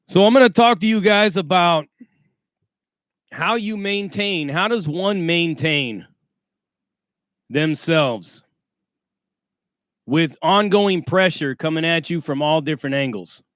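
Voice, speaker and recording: Speaking slowly and pausing often, this livestream host has a slightly high, fairly bright voice. He chats casually in streetwise slang, reading out names from the chat to greet viewers. The sound is clean studio quality with no room sound.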